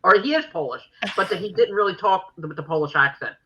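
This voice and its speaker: An older woman hosting a podcast, telling stories in a brash, animated way and acting out the quotes in casual chat. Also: lowish voice, fast talker, highs cut off, a little hiss or hum. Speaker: podcast host.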